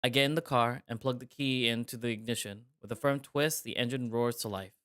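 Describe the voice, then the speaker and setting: A man reads a visual novel aloud on a live stream, narrating in the first person. His voice sits at an ordinary middle pitch. He breaks off now and then for casual, joking remarks. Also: steady tone, brisk, a bit bright, clean tone, no room sound, clean studio sound.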